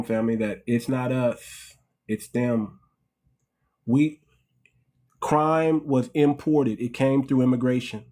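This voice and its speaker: A man's voice: medium pitch, a little mellow. A middle-aged American man hosting a casual livestream, talking animatedly to his audience, repeating himself and calling them family. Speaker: host.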